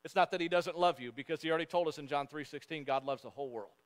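A male pastor preaching a sermon in church, emphatic and repetitive, swinging between loud and hushed. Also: a little high, rapid-fire. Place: church sanctuary.

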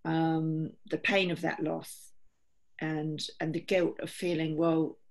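A woman's voice: low-pitched, flat delivery, slow pace, creaky. A middle-aged woman, a holistic therapist, explaining earnestly and steadily in an interview, often voicing what her clients think.

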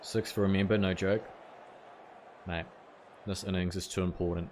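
A man's voice: low-pitched, fairly even intonation, moderate pace, darkish tone, slight background noise. A man streaming a cricket video game live, chatting casually with viewers and swearing now and then. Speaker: gaming streamer.

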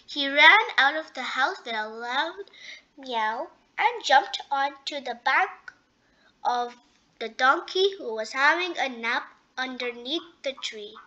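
A woman reading a children's storybook aloud, gentle and expressive. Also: high voice, slow pace, lo-fi sound. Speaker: storybook reader. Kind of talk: children's read-aloud narration.

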